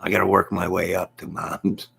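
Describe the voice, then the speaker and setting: Gravelly deep-voiced man chatting casually. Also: completely flat delivery, moderate pace, sharp tone. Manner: rambling, laughs often. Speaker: live stream host. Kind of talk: casual live chat reading viewer comments. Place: at home.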